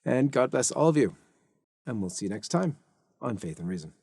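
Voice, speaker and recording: A man's voice: medium pitch, big pitch swings, a little fast, creaky. A man hosting a talk show, giving an upbeat, promotional sign-off. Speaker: host.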